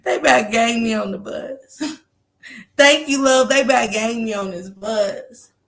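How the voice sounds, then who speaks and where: Woman caller, slow drawl, bright higher voice, animated storyteller. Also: gravelly. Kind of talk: casual storytelling on a call.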